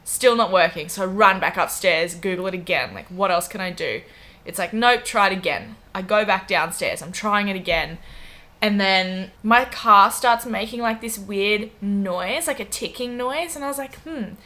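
Young Australian woman, bright voice, animated storytelling, podcast co-host, lots of "like". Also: medium pitch. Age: 20s. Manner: animated, fast anecdotes full of "like" and acted-out quotes. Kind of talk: casual storytelling chat.

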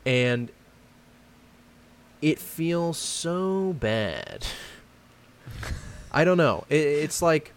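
A man's voice: fairly high pitch, drawn-out words, long pauses, a little hiss or hum. A young man co-hosting a casual movie podcast, telling scenes with acted-out quotes. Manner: animated storyteller, acts out quotes in exaggerated voices. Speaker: podcast co-host. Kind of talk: casual chat about movies.

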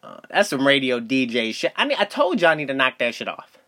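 Young man, solo podcast host, lively swinging pitch, profane rambling, filler-heavy. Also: fast talker. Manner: loose, profane storytelling with lots of fillers. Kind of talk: casual solo podcast monologue.

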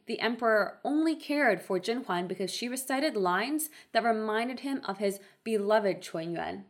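A woman's voice: medium pitch, a bit bright. A woman recapping a historical drama episode in a casual narrated style, with wry, sarcastic asides.

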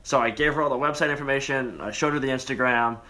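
A man's voice: mid-range voice, quick pace, pushed and bright. A man from Boston telling a story in a casual chat, joking and self-deprecating.

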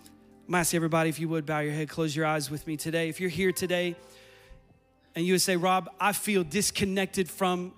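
A man's voice: on the high side, little pitch movement, fast talker, pauses often, a bit bright, soft background music. A man preaching a sermon in a church, building with repetition and urgency and leading a prayer. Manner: preaching with rising intensity and repetition. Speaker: pastor. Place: church sanctuary.

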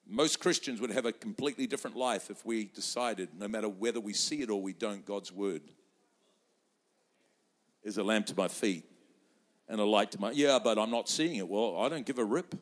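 A man's voice: lowish voice, moderate pace. A man preaching a sermon as pastor, fervent and rousing, quoting scripture and acting out voices for the crowd. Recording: reverberant hall.

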